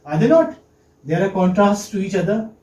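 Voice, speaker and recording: A man's voice: high-pitched, big pitch swings, brisk, mellow. A man lecturing a class, asking questions and repeating each point. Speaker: English teaching lecturer. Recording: echoey classroom.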